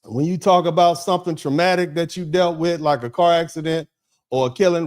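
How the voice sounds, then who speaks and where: Animated, high-pitched American man commenting. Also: brisk. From United States. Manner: animated, preacherly, acts out dialogues; drops to low, quiet tone when telling a personal story. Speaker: legal commentator host reading chat. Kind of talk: casual livestream commentary.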